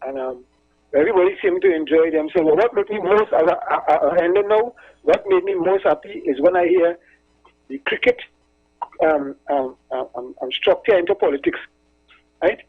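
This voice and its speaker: A man's voice: sits high, animated, normal speed, breathy edge. A man calling into a talk show, rambling and repeating himself as he tells stories. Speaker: caller. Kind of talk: casual call-in chat. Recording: tinny phone line.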